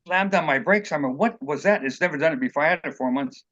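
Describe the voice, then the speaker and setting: A man's voice: a little high, fast talker, a bit bright, lo-fi sound. A man being interviewed as an author, telling personal stories in a rambling, earnest way and acting out what people said. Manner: rambling, earnest, acts out quotes.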